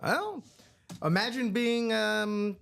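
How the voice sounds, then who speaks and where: A man co-hosting a live stream, relaxed, chiming in with short casual remarks. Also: high voice, slow pace, gravelly, clear, resonant tone. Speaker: co-host.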